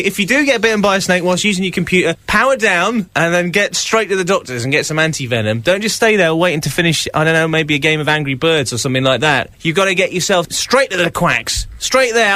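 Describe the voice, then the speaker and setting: A man with an English accent, hosting breakfast radio with playful, animated banter. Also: a little high. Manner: playful, animated, slips into silly voices. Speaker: radio breakfast show host. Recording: studio radio mic.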